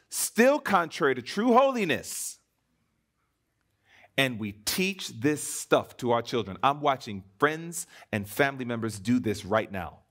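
Male preacher, slightly high voice, very animated delivery, emphatic then hushed, sermon in church. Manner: emphatic preaching, swinging between loud and hushed.

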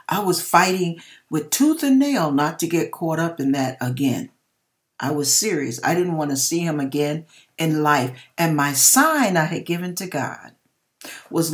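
Expressive woman telling a faith story. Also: low-pitched, unhurried. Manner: emphatic, expressive storytelling with churchy exclamations. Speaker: hairdresser sharing a personal testimony. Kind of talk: personal faith testimony, storytelling.

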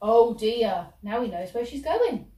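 A woman who works as a childminder, telling stories and chatting playfully with small children in an animated voice. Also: a little slow. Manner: animated, playful, high-pitched talk to toddlers. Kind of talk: storytelling and chat with small children. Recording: roomy room, from the mic.

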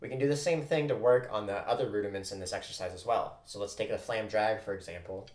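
A fast-talking percussion teacher with a fairly low voice goes patiently through flam rudiments and counts stickings aloud. Heavy background noise and loud drumming echo through the room.

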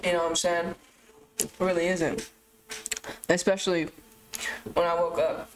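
A young adult woman vlogger talking casually to camera, rambling and swearing, with sudden animated outbursts. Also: lowish voice, unhurried, noisy background. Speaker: YouTube vlogger.

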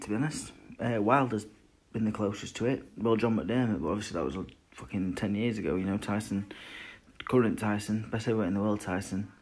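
A man's voice: fairly low pitch, breathy edge. A man in his twenties, a boxer, answering fan questions in a blunt, sweary, rambling chat. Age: 20s. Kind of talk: casual chat.

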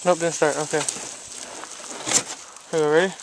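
A man's voice: fairly high pitch, little pitch movement, moderate pace, slight background noise. A man talking casually in a rambling home vlog, repeating himself and saying "y'all" a lot. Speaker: vlogger. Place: outdoors in hot weather.

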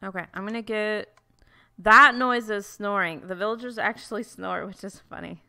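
A woman's voice: medium pitch, moderate pace, gravelly, sharp tone. A woman hosting a let's-play, chatting casually through her gameplay, easily flustered and full of exclamations and restarts.

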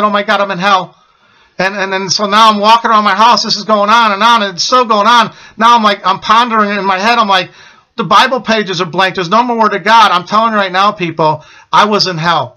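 Middle-aged guy telling his religious testimony, kinda high voice, keeps going "okay?". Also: sharp tone. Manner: urgent, repetitive, keeps asking "okay?". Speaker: testimony speaker.

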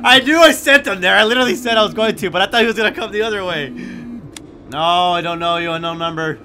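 A young man giving gameplay commentary, swinging from hushed muttering to loud, sweary shouting. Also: sits high, a little fast, slight background noise. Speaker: gaming YouTuber.

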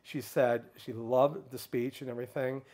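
Middle-aged man telling an animated story. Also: moderate pace. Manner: animated storyteller, acts out others' lines in a raised pitch. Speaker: guest speaker. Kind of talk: storytelling in a casual interview.

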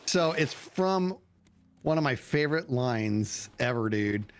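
A man chatting excitedly as a guest co-player on a stream, telling stories with lots of "dude". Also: mid-range voice, slow pace, no room sound. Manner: animated storyteller, bouncy, says dude a lot. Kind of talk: casual gaming chat.

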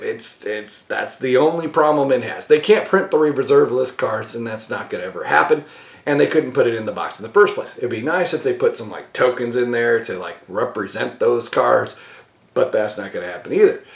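A man's voice: medium pitch, expressive, normal speed, vocal fry. Giggly rambling man in an echoey room. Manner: laughs often, rambling with restarts. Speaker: card-opening channel host. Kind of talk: casual opinion vlog.

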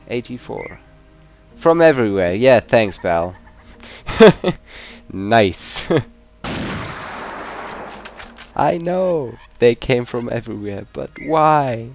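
Male let's-play host, non-native English, deliberate unhurried delivery, swears when excited; game music and gunfire underneath. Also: mid-range voice, creaky. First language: not English. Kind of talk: gameplay commentary.

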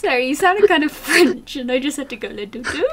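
A woman's voice: sits high, animated, a little fast, a crowd in the background. A woman chatting casually while gaming, with a teasing, sardonic manner. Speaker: gaming host.

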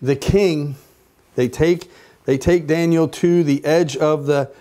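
A man leads a Bible study in a slow, deliberate teaching voice. His tone is mellow and fairly high-pitched. He retells the story with emphatic repetition. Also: fairly even intonation.

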